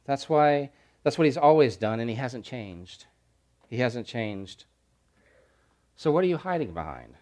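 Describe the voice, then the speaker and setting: A man delivers a sermon from the pulpit, his mid-pitched voice swelling into loud, insistent repeated phrases. He then pulls back to hushed, slower lines for weight. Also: expressive. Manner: preaching with swelling emphatic repetition and dramatic drops to quiet. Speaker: pastor.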